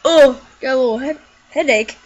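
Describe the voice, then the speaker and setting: A woman giving let's play commentary, excitable and jokey, squealing and shrieking at the game and chattering to herself. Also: high-pitched, normal speed, muffled recording, a little hiss or hum. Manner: jokey running self-talk. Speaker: gaming video creator.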